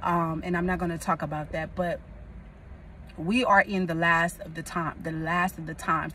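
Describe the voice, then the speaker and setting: A woman's voice: on the low side, steady tone, moderate pace, fairly bright tone, far from the mic, slight background noise. A young woman from California, a prophetess, preaching casually and rambling, repeating phrases for emphasis.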